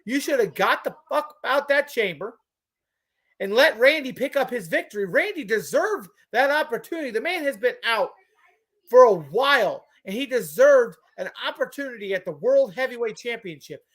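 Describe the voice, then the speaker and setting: A woman's voice: on the high side, lively intonation, normal speed, husky. A woman co-hosting a live wrestling podcast, speaking emphatically and laughing often. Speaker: podcast co-host. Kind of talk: casual wrestling chat.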